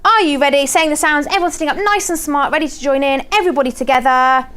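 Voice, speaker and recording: A woman with a southern English accent teaching phonics to a class of young children, speaking clearly and encouragingly and sounding words out slowly. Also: high-pitched, fairly bright tone, slight background noise. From southern England. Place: primary school classroom.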